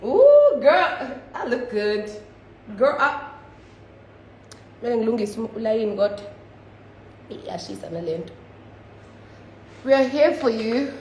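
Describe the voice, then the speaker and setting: A woman's voice: on the high side, measured pace, pauses often, a little mellow, reverberant, lo-fi sound, slight background noise. A South African woman chatting casually on a phone livestream, switching between languages and swearing freely.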